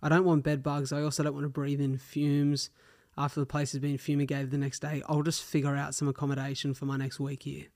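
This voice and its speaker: A man's voice: on the high side, monotone, brisk, a little mellow. An Australian man hosting a solo podcast, telling stories in a chatty, slangy way and swearing casually. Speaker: podcast host.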